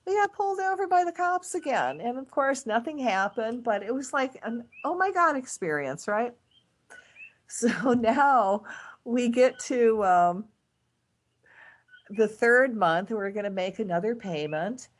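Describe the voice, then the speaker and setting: Animated middle-aged woman telling a story. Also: on the high side, unhurried. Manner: animated, dramatic swings in voice when retelling events. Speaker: guest. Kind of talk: casual storytelling.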